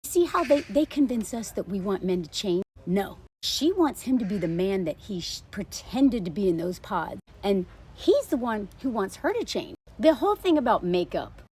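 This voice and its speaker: A woman in her thirties talks straight to the camera in a casual, animated way, blunt and openly sarcastic. Her voice is husky, with a slightly breathy edge, and she sits at a middle pitch. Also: moderate pace, few pauses. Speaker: social media commentator. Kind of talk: casual reaction commentary.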